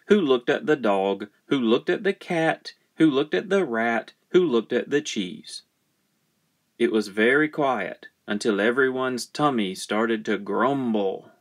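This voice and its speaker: A man reading a children's storybook aloud with gentle, playful storytelling. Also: mid-range voice. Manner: gentle, playful storytelling with lots of sound effects. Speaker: narrator.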